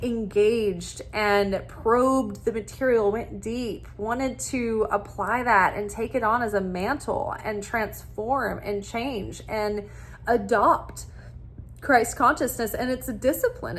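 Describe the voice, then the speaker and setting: A woman giving a casual spiritual talk, animated and blunt, ranting with passion and swearing freely. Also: a little high. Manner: impassioned ranting. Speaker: spiritual teacher.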